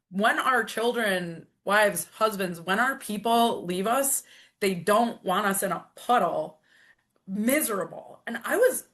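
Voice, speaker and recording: A middle-aged woman speaking as a guest on a podcast. She talks in a quick, energetic burst, breaking off and restarting often, her voice leaping up when she gets fired up. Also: mid-range voice. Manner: energetic motivator, quick and animated, many restarts. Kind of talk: emotional conversational storytelling.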